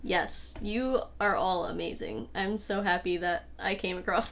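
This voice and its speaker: A woman's voice: mid-range voice, lively intonation, moderate pace, hardly any pauses, a bit bright. Chatty woman hosting a livestream Q&A. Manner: chatty, rambling with fillers and laughs. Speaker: host and creator of the audio drama. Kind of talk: casual livestream Q&A chat.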